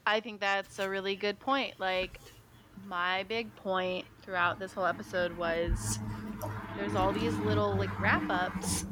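A woman chats casually on a podcast at an ordinary mid pitch, filling her talk with loose asides. A clear hiss runs under the recording. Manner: chatty, many "like" fillers. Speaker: podcast co-host. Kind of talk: casual chat.

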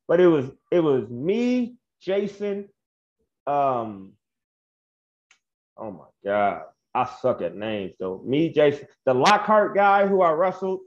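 A young man, a wrestler, telling a story in a casual interview, animated and slangy, laughing often. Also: high voice, dull audio. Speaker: guest wrestler.

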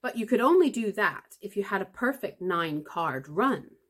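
A woman reading aloud and voicing a nervous, pompous male card sharp who is snappish and falsely polite. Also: mid-range voice, expressive, moderate pace, slightly rough. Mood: flustered.

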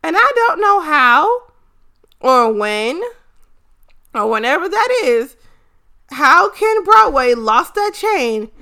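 A woman's voice: sits high, very animated, takes it slowly, pauses often, pushed and bright. A young adult woman casually recapping an episode, blunt and profane, rambling with restarts. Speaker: show recapper.

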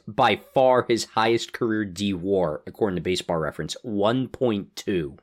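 A man's voice: on the low side, moderate pace, few pauses. A man co-hosting a casual sports podcast, reading out stats with dry humor. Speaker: podcast co-host.

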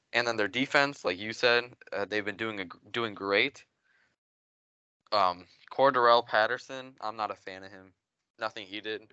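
A man who is a guest on a casual sports podcast, talking in a halting way and repeating his point. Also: lowish voice, sharp tone, clean tone, no room sound, highs cut off.

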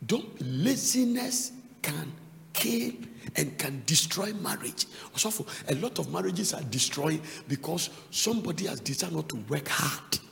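A male pastor preaching an impassioned sermon that swings from loud cries to low asides. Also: animated, unhurried, gravelly. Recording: long reverb of a large hall.

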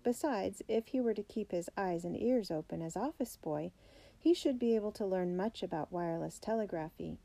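A woman reads a children's biography aloud in a steady, clear way. Her voice is mellow and dark, with a middle pitch. It is a calm storybook narration. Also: moderate pace, no room sound, low-quality recording. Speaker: audiobook reader.

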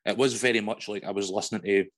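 A man's voice: lowish voice, fairly even intonation, quick pace, fairly bright tone. A man with a Scottish accent co-hosting a podcast, asking questions in a thoughtful, rambling way with many fillers. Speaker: podcast co-host. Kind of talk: casual interview chat.

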